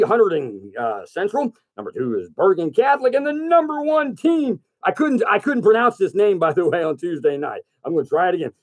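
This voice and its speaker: Lively high-voiced New radio host. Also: male voice. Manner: casual, reads rankings with fillers and restarts. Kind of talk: call-in sports talk radio.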